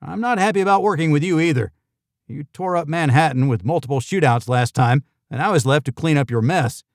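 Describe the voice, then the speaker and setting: Male narrator doing a deadpan, exasperated agent; gravelly, a touch raised, dry close read. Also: a little high, fairly quick, no room sound, pitched above the performer's own voice, natural voice. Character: sardonic middle-aged male government agent.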